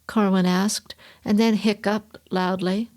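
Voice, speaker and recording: A woman reading a classic story aloud with measured storytelling. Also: mid-range voice, steady tone, darkish tone. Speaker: story reader. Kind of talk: audiobook reading.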